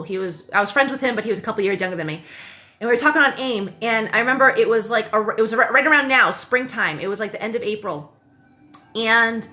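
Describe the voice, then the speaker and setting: A woman's voice: a little high, sharp tone. A woman in her thirties hosting a casual livestream, telling a personal story in a rambling way, full of fillers and self-corrections, with casual swearing. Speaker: spiritual livestream host. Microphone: phone livestream.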